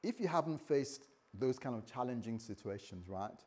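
A British man preaches a sermon in a husky, mid-pitched voice. He talks to the congregation conversationally and with humor, dropping to near-hushed lines and then rising loud. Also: animated, normal speed. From Britain. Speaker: pastor. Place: church.

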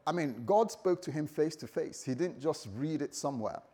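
Brief: lively male pastor, slightly higher voice, playful sermon delivery. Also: normal speed, few pauses. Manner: animated, joking, acts out stories. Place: church.

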